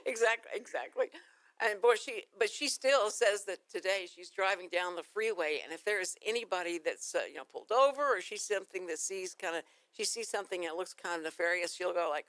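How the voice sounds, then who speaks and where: A woman's voice: medium pitch, a little fast, fairly bright tone, dry recording. A woman with a Texan accent hosting a casual morning radio talk show, rambling through stories and laughing easily. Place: radio studio. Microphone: studio microphone.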